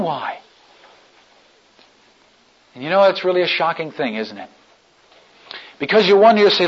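A man's voice: high-pitched, lively intonation, normal speed, long pauses, breathy edge. Dramatic preacher man, lo-fi recording. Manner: dramatic storytelling, swings from hushed to loud. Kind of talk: sermon. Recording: dull lo-fi recording.

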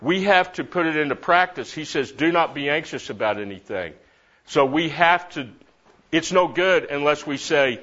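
A middle-aged man teaching a Bible class, lively and repeating verses while stressing different words. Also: fairly high pitch, moderate pace. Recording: dull lo-fi recording.

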